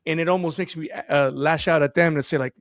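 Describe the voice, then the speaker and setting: A man talking about fatherhood as a podcast guest, in an earnest, animated storytelling way. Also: fairly high pitch, fairly quick, dry recording, clean studio sound. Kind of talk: casual podcast conversation.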